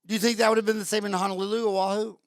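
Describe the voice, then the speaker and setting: Give me a male podcast host with a high, gravelly voice, rambling and joking his way through questions. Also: racing, dry recording, clean studio sound. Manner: rambling, jokey, animated storyteller. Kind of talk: casual interview chat.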